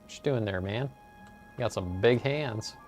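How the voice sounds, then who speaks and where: A low-voiced man chatting casually as he plays a fantasy video game. He jokes along with light filler words in a laid-back way. Faint game music plays beneath his voice. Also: moderate pace. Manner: relaxed, joking, with frequent filler "uh". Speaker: let's play host. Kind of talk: casual gameplay commentary.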